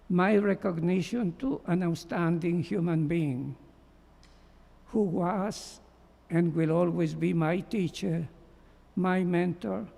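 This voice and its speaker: A man giving a measured, heartfelt memorial tribute as a former doctoral student, reading prepared remarks. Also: sits high, gravelly, mellow. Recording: long hall reverb.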